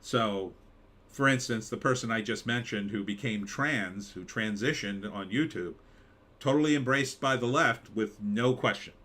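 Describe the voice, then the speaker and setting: This live stream host is a man whose fairly low, slightly bright voice moves at an unhurried pace. Chatting casually in a mid-Atlantic American accent, he reads out viewer comments, wanders from topic to topic, and throws in playful mock announcer moments.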